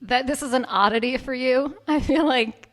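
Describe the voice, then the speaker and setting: A woman's voice: high-pitched, normal speed, a crowd in the background. A woman co-hosting a podcast in a casual, enthusiastic chat. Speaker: podcast co-host.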